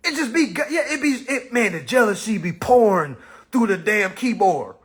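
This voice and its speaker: Blunt, husky-voiced man with lively pitch. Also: moderate pace. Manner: blunt, profane, animated, keeps saying "all right". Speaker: teacher and mentor. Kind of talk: casual monologue to viewers.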